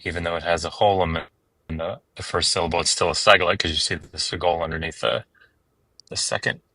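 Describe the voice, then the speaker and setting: A man with a low, steady voice talks at a quick pace with a sharp edge, captured in a dry recording. He hosts a casual live stream teaching biblical Hebrew, patiently walking through pronunciation step by step with plenty of fillers.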